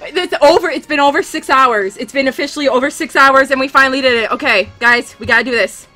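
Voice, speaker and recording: A young woman live-streaming a game, rapidly thanking viewers and shaking with excitement. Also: high voice, faint music behind.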